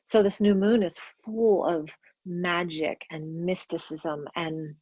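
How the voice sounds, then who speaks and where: A woman hosting a casual astrology talk, gentle and encouraging, pausing often with ums as she gathers her thoughts. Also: on the low side, steady tone, slightly rough, dry recording. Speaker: astrologer and podcast host. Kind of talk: casual spoken astrology reflection. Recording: slightly dull, dry recording.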